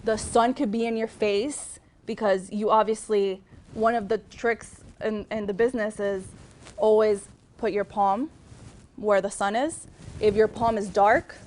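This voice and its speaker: A woman's voice: mid-range voice, fairly even intonation, unhurried, a little mellow. Chatty young woman with a Miami accent. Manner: chatty, frequent ums and restarts. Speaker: TV news reporter giving a guest talk. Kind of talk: casual advice talk to students.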